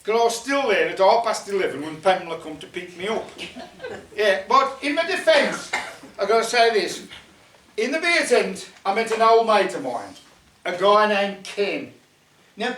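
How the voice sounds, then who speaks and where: A man's voice: high-pitched, fairly bright tone. An older man telling a funny story to a folk club audience in a chatty, joking way, with dialect turns of phrase. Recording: echoey room, mic at a distance.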